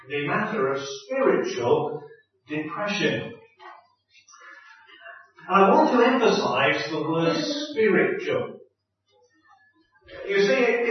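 A man preaching a sermon as a pastor, his slightly high voice carrying from a distance through a very echoey church hall. He speaks slowly and deliberately, often restarting his phrases. The recording sounds dull and muffled.

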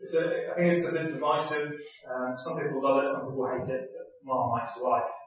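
A man's voice: on the high side, brisk. Man preaching in a very echoey hall. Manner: animated, acts out quotes, repeats key points. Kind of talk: sermon. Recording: very echoey, distant, dull sound.

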